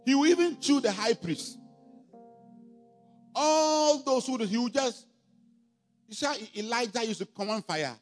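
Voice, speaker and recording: A man preaching a sermon as pastor, emphatic and repetitive, building up to shouts. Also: very high voice, animated, normal speed. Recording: long hall reverb, faint music.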